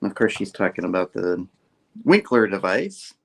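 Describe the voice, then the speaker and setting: Animated man retelling a comic. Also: sits low, moderate pace, vocal fry. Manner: animated storytelling with sound effects. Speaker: comic book reviewer. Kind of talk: casual chat.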